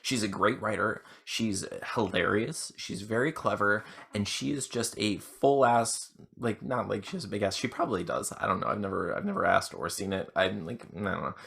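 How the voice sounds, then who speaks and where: Drunk man rambling, gravelly low voice. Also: fairly bright tone. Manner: rambling, self-deprecating, halting restarts. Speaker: podcast host. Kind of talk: rambling casual monologue answering questions.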